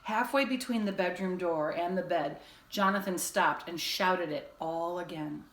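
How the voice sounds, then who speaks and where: Teacher reading aloud in an echoey room. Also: female voice, on the low side, a little slow. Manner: casual recap with fillers, then expressive reading. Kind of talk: reading a chapter book aloud to children.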